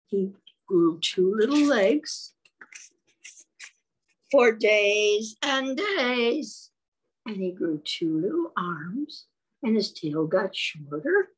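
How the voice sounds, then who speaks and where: Husky woman reading a picture book aloud. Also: medium pitch, poor audio. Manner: expressive, pauses to ask little listeners questions. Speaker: storyteller for children.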